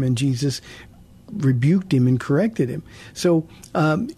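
A man's voice: on the high side, normal speed, warm tone, breathy edge. A man in his sixties hosting a call-in radio Bible show, earnest and repeating words as he restarts. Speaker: radio pastor and call-in host.

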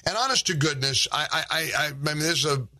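A man's voice: on the high side, brisk, pushed and bright. A man hosting a conversational interview, rambling with frequent restarts as he tells anecdotes. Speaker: talk show host.

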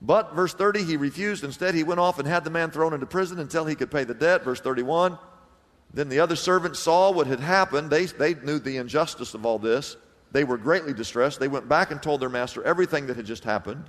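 A man preaching a sermon as pastor, swinging between loud emphatic bursts and hushed, low passages. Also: brisk, big-room sound.

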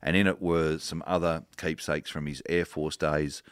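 A man's voice: very deep voice, flat delivery, smooth, no echo. A middle-aged man co-hosting a chat show, telling stories unhurriedly and joking dryly. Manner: dry joking, unhurried storyteller. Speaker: podcast co-host reading from a book. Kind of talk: casual chat and storytelling.

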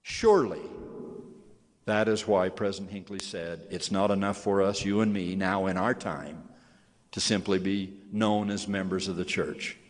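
An older man giving a sermon as a church leader, speaking slowly with solemn, emphatic testimony. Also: low voice, steady tone. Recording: long hall reverb.

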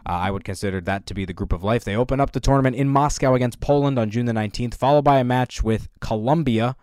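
A man's voice: mid-range voice, fast, a little mellow, no room sound, studio quality. A man hosting a sports podcast, running through facts and names in casual analysis with some filler words. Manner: fact-heavy, with filler ums and uhs. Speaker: podcast host.

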